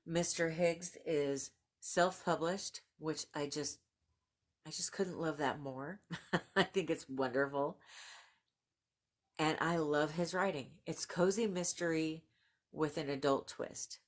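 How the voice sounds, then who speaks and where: Low-voiced, gushing woman book vlogger. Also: slow, pauses often. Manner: gushing and excitable, laughs often. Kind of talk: casual book haul chat, reading blurbs aloud.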